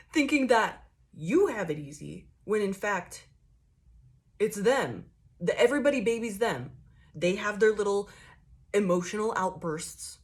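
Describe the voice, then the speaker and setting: A young woman giving a casual tarot reading, blunt and profane, ranting with lots of fillers, jittery from coffee. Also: mid-range voice. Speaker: tarot reader.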